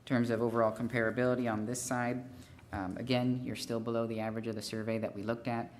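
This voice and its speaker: A man's voice: medium pitch, flat delivery, fast, slight background noise. A man consultant giving a formal presentation at a city council meeting, methodical and figure-heavy, with frequent fillers and restarts. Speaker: consultant presenting a fee study.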